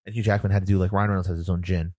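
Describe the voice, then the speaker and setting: A man co-hosting a podcast, trading quick, excited banter about movies in a casual chat. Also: deep voice, no echo. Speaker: podcast co-host.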